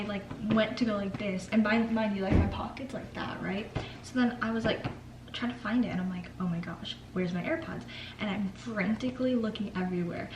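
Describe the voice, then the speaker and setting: A young adult woman, a student, chats casually to her viewers in a day-in-my-life vlog, filling her talk with "like." Her voice is medium in pitch, with noise in the background.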